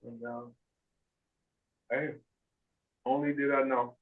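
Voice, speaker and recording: A man telling stories in casual chat on a video call, animated, acting out quoted voices and often restarting his sentences. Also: medium pitch, takes it slowly. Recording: tinny phone-like video call audio.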